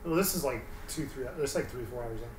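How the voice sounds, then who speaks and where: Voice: medium pitch, quick pace, slight background noise. Teasing co-host, distant and echoey. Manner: teasing, laughing along. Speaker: reaction video co-host. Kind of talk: casual reaction chat.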